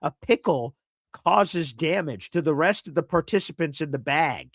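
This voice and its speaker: Animated man telling a story, very dry sound. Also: on the high side, moderate pace, creaky, dry recording. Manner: animated storyteller acting out phone calls. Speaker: podcast host. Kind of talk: casual chat.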